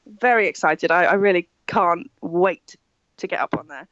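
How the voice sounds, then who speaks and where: A woman's voice: fairly low pitch, normal speed, fairly bright tone, no echo, muffled recording. Upbeat giggly woman, dry sound. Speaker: drag performer, guest. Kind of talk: interview answers.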